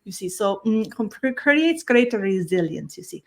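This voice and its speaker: A woman voicing an ageless otherworldly star-being, speaking slowly in a sing-song way with broken grammar and a constant "you see". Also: medium pitch, sing-song, pitched above the performer's own voice. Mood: greeting. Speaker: channeled guide. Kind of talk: spiritual channeling session.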